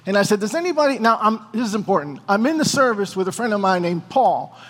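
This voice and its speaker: A man preaching a sermon as a lively story, acting out the people in it. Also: high voice, fast talker, big-room sound. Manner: animated storyteller, acting out dialogue.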